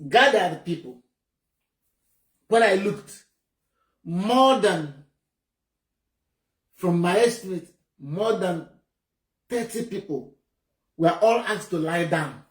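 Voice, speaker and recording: A man's voice: high-pitched, animated, slow pace, pauses often. A man from Nigeria with a Nigerian English accent, giving heated, blunt political commentary. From Nigeria (Enugu State). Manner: indignant, emphatic, blunt. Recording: roomy echo.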